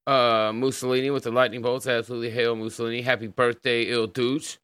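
A man's voice: medium pitch, flat delivery, quick pace, a bit bright, smooth, no room sound. A man with an American accent hosting a livestream in casual chat, laid-back and swearing freely as he greets viewers. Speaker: livestream host.

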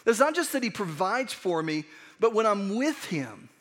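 A man's voice: high voice, big pitch swings, moderate pace, a bit bright. A man preaching a sermon as pastor, conversational and earnest, often restarting his sentences. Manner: conversational, earnest, with frequent restarts and acted asides.

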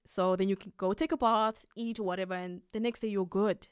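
A woman hosting a casual advice monologue, animated and quick to laugh as she acts out little scenes. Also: mid-range voice, clean tone, no echo, clean studio sound. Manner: animated, acts out quoted reactions, laughs often. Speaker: podcast host.

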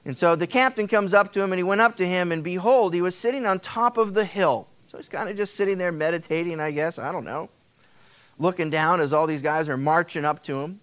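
Brisk and high-pitched, with a bit of brightness, this middle-aged male pastor preaches conversationally. Now and then he takes on the voices of biblical figures, all heard via an old cassette tape transfer.

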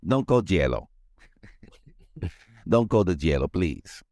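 A man acts out a put-upon tenant who begs and whines, worn out, his low voice lurching up and down. The sound is dry and close. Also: sing-song, takes it slowly, darkish tone, no echo, exaggerated voice. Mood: pleading. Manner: begging, whiny. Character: pleading put-upon male tenant, weary.

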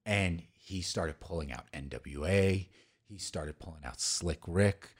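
Low-voiced New man rambling. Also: unhurried, slightly rough. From New York, the Bronx. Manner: rambling storytelling, crude swearing, many fillers. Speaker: podcast co-host. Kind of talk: casual drinking-podcast chat.

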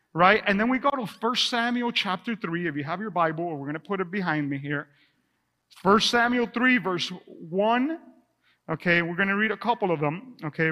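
High, bright-voiced preaching man. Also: long reverb tail. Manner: animated preaching, reading scripture aloud. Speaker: pastor. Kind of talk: sermon. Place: church sanctuary.

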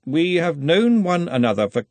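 A man's voice: on the high side, big pitch swings, darkish tone, dry recording, voice pushed up. A man playing a silky calculating ruler. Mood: measured. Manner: slow, silky, precise. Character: smooth calculating male ruler, silky and measured.

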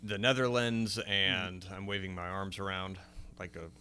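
A man co-hosting a review podcast talks in a relaxed, rambling way. His voice sits on the lower side but with a bright, forceful edge, and he peppers his points with fillers and casual swearing. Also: unhurried, smooth. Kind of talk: casual chat.

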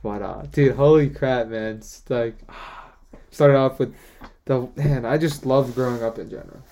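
A man's voice: mid-range voice, steady tone, unhurried, mellow. A young man co-hosting a podcast, chatting casually and laughing as he reminisces about school days. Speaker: podcast co-host. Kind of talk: casual chat.

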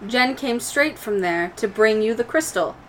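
A woman's voice: a little high, lively intonation, moderate pace, fairly bright tone, low-quality recording. A woman voicing a formal, cautious droid servant who speaks stiffly and politely, calling people sir, over a faint hiss.

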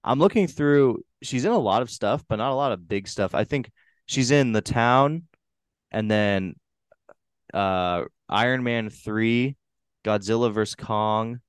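Smooth-voiced New Hampshire man. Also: on the low side, no room sound, studio quality. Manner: loose, rambling, swears casually. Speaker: podcast host. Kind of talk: casual movie review chat.

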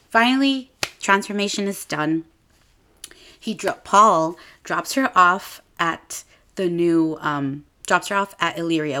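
A woman in her twenties, hosting a podcast and retelling a movie in a casual chat, using lots of filler "like"s. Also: sharp tone. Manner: chatty, with many filler "like"s; acts out characters' lines in a higher voice. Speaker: podcast host.

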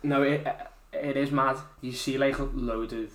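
A man's voice: medium pitch, steady tone, measured pace, fairly bright tone. A man co-hosting a podcast, teasing his friend with swearing and casual banter. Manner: teasing, joking, swearing freely. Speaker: podcast co-host. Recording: roomy echo.

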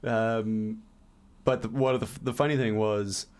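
A man's voice: lowish voice, steady tone, unhurried, darkish tone, clean tone. A man from South Africa co-hosting a podcast, telling rambling anecdotes in casual chat and swearing freely. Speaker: podcast co-host.

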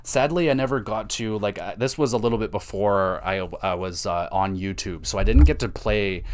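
A man's voice: on the low side, normal speed. A young man hosting a gaming podcast alone, rambling enthusiastically and swearing a lot. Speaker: podcast host. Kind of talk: casual solo gaming podcast rant.

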